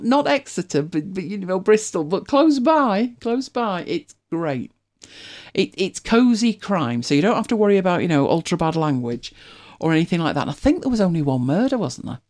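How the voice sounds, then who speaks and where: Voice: mid-range voice, big pitch swings, moderate pace, darkish tone. A host with a British accent, chatting casually and rambling with many restarts. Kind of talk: casual chat.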